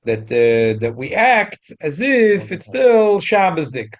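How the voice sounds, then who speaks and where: A man's voice: on the high side, big pitch swings, slow, dull audio. A man teaching a Talmud class, with stumbling restarts and sudden emphatic rises. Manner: frequent stumbling restarts, rising emphatic jumps. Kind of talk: Talmud lesson.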